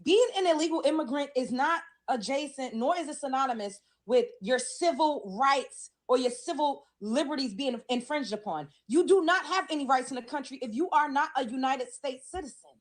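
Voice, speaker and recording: A woman's voice: high voice, normal speed, few pauses. A woman giving emphatic, indignant commentary with rising emotion. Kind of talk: impassioned commentary clip.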